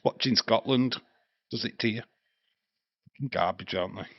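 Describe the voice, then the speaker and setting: A man's voice: lowish voice, moderate pace, long pauses, dry recording. A man, hosting a live stream with crude jokes, rambling chat and frequent laughter. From England. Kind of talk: casual live watch-along chat. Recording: dry, slightly dull stream mic.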